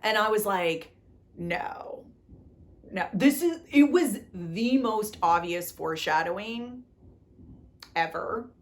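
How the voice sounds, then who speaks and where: A young woman talks through her recent reads in a loose, chatty way at home. She gushes and fumes by turns, circles back to the same phrases, and fills her talk with "like". Her voice sits at an ordinary middle pitch for a woman. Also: lively intonation, takes it slowly. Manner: gushing and exasperated, repeats herself, lots of "like". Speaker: book vlogger. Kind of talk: casual book review chat.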